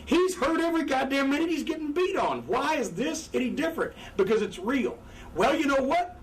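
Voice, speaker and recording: Frantic, profane high-voiced man. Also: big pitch swings, fairly quick. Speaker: former wrestling manager. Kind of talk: profane shoot interview. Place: sitting on a couch indoors. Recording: distant mic with faint background noise.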